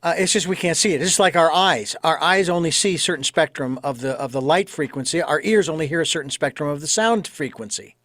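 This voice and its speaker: A man's voice: fairly high pitch, animated, quick pace, hardly any pauses, fairly bright tone, no echo. A man hosting an interview, speaking in a reflective, thoughtful way. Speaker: podcast host. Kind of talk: conversational interview.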